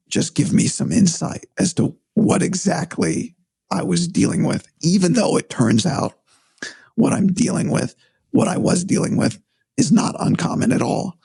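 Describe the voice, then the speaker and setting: A hoarse man whose raspy, breathy voice sits unusually high and swings widely in pitch, with a gravelly edge throughout. He talks in a thoughtful, hedging way in a casual podcast chat. The sound is dry and close. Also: dark tone, no room sound. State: hoarse after vocal cord surgery. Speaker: sports broadcaster.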